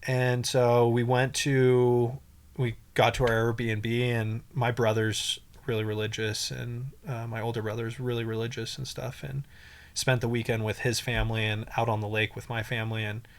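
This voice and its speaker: A young man tells a personal story as a podcast guest, his voice at an ordinary middle pitch. He talks loosely and emotionally, with plenty of fillers and restarts. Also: little pitch movement, normal speed. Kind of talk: casual storytelling.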